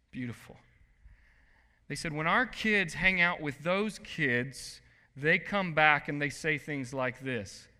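A man preaching a sermon as pastor, swinging from soft, quiet lines to loud bursts. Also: on the high side. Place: church sanctuary. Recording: long hall reverb.

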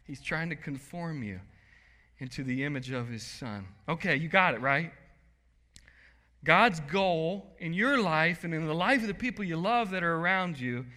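A man preaching a sermon as pastor, swinging from soft, quiet lines to loud bursts. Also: fairly high pitch, expressive, normal speed. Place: church sanctuary. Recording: long hall reverb.

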